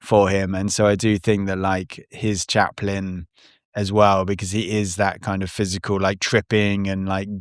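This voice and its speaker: A man hosting a casual podcast chat, talking in halting bursts with frequent restarts and laughter. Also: low voice, level tone, dry recording, studio quality. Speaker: podcast host.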